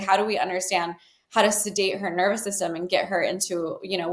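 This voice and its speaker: A woman's voice: medium pitch, a bit bright. A woman guest speaking earnestly in a candid interview, with many "like" fillers. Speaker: guest, healer. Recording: roomy echo.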